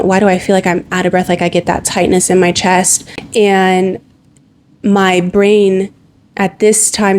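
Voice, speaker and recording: A woman's voice: mid-range voice, a little mellow, slight background noise. A young adult woman narrating her own story in a candid, conversational way, often using "like" as a filler.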